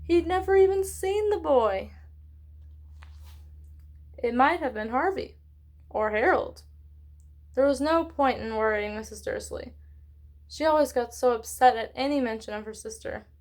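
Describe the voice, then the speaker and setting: Expressive woman reading a story aloud. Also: fairly high pitch, normal speed. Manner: expressive, with small slips and self-corrections. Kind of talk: read-along book narration.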